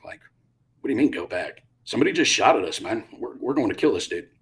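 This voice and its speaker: Middle-aged male guest, low-pitched, animated storyteller who acts out dialogue. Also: fast talker. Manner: animated, acts out quotes with bursts of loudness. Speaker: guest, retired Army pilot. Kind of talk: casual interview storytelling.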